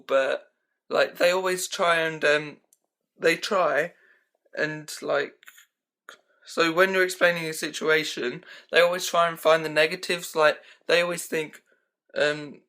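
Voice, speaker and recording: Recorded at home on a handheld camera, a young vlogger casually rants through his pet peeves, rambling with many fillers like "um" and "like." His voice is a little high, bright, and forceful, with a steady tone and measured pace.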